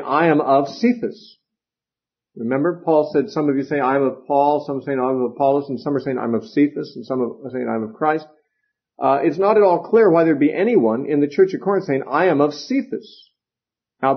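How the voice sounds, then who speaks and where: A man teaches a Bible lecture in a loose, conversational way, repeating words and pausing with fillers. His voice is husky and of middling pitch. The recording sounds dull and lo-fi. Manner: conversational, with frequent fillers and restarts.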